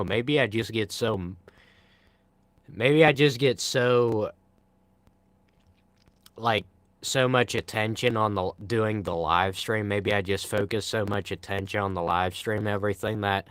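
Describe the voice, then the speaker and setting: A young man with a Pennsylvania accent chats loosely on his live stream, rambling from one thought to the next and poking fun at himself. His low voice comes through smooth and resonant. The sound is dry and close, with no room around it. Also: fairly bright tone, no echo. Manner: rambling, self-deprecating, reads chat aloud. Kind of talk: casual live stream chat.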